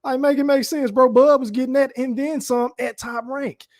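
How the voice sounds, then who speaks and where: A man's voice: extremely high pitch, fairly even intonation, normal speed, no echo, clean studio sound. A man hosting a live-streamed podcast, ranting in a heated, mocking, profane way and talking straight to his viewers. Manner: talks straight to his chat audience. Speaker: podcast host. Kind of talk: live-streamed commentary rant.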